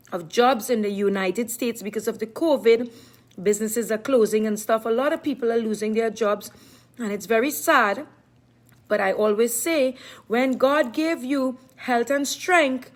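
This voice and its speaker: A middle-aged woman talking casually to her viewers in an emphatic, repetitive way, often speaking of herself in the third person. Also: a little high. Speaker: live-stream vlogger.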